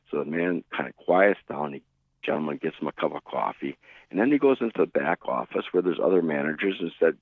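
Very deep gravelly man on tinny radio. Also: animated, brisk, dry recording. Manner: storytelling, acts out quoted voices. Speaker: preacher. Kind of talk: radio sermon. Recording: tinny phone-like radio broadcast.

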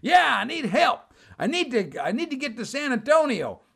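A man's voice: very high-pitched, big pitch swings, moderate pace, creaky, fairly bright tone, breathy edge, voice pushed up, exaggerated voice. A man voicing a simple-minded man lost at an airport, pleading over and over in a raised voice. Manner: repetitive, plaintive pleading.

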